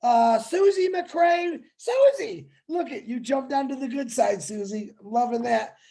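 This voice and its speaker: A man co-hosting a livestream, excitable and joking, bursting into shouts. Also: very high voice, measured pace, creaky. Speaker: co-host. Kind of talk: hyped livestream chat.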